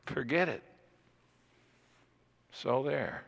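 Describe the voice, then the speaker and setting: Older male preacher, gravelly and bright, deliberate repetition, long hall reverb. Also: on the high side, sing-song. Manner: slow, deliberate, repeating phrases for emphasis. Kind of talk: sermon.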